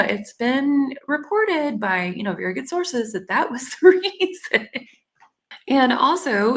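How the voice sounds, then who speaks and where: Chatty, sarcastic woman commentator. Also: a little high. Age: 40s. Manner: chatty and sarcastic, laughs, uses "y'all". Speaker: commentary channel host. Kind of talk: casual commentary reading news quotes.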